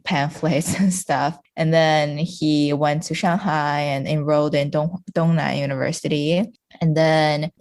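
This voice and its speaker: A woman from China chatting as a podcast guest, talking casually with lots of fillers and frequent laughter. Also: low-pitched.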